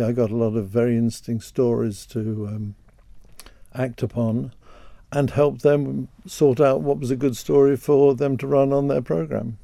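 A man's voice: medium pitch, gravelly, mellow, no room sound. An older man talking as a guest in a radio interview, hesitant and often repeating words as he starts a thought.

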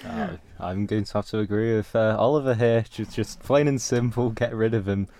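Hesitant low-voiced man. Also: expressive, normal speed, warm tone, slight background noise. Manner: hesitant, many fillers. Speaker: guest. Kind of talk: casual political chat show.

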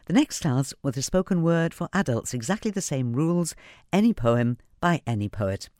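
A man presenting festival highlights in a relaxed, chatty way, pausing on fillers between items. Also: no room sound, clean studio sound. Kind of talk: casual presenting.

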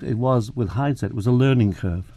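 Gravelly older Englishman telling stories. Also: mid-range voice, fairly quick, warm tone. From England. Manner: anecdotal, acts out quoted dialogue, self-deprecating. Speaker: photographer and Harvard professor. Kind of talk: relaxed interview storytelling.

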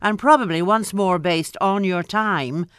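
A woman hosting an interview, admiring and gently teasing her guest. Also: mid-range voice, unhurried, clear, resonant tone, dry recording. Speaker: radio host.

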